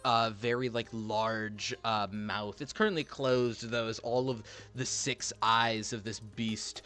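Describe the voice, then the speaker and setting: A man's voice: on the low side, flat delivery, takes it slowly, pushed and bright. Guy game-mastering a tabletop game, rambly with lots of ums, faint music under it. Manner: rambling, many fillers and restarts.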